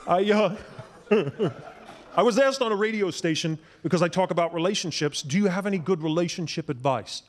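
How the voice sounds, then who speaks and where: A middle-aged man doing stand-up comedy on a club stage, wry and punchy, breaking into shouted impressions. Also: high-pitched, animated, fairly quick.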